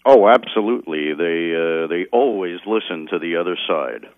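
A man's voice: low-pitched, animated, normal speed, no room sound. Male caller, heard over a thin phone line, dry, wry and amused. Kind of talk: casual call-in chat. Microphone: telephone.

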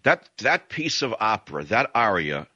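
A combative male talk radio host rants with a forceful, tense edge and a sneering, insulting manner. The sound is dry and close, with a slightly dull, lo-fi radio tone. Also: lowish voice, very animated, normal speed, breathy edge, no echo. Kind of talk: ranting political talk radio monologue.

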